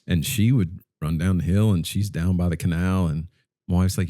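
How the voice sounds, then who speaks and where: A man's voice: deep voice, fairly even intonation, moderate pace, dark tone, no echo. A man co-hosting a podcast, talking bluntly and animatedly with laughs. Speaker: podcast co-host. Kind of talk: casual chat.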